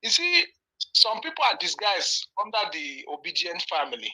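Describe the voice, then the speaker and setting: Very bright-voiced male caller. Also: high voice, wildly swooping pitch, normal speed, husky, rough recording. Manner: prayerful, preacherly, blessing-heavy. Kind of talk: call-in comment.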